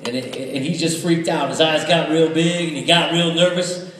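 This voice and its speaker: A man with a high voice delivers a stand-up set, landing his jokes with quick asides. His words echo hard through a big hall, heard from far off. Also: fairly even intonation, fairly bright tone. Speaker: stand-up comedian. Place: stage in a large hall. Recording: echoey hall, far from the mic.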